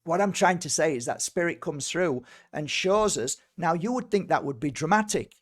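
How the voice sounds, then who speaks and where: Male medium guest, high-pitched, emphatic, animated storyteller who repeats and restarts words. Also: moderate pace. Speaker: spiritual healer and medium, guest. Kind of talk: casual storytelling conversation.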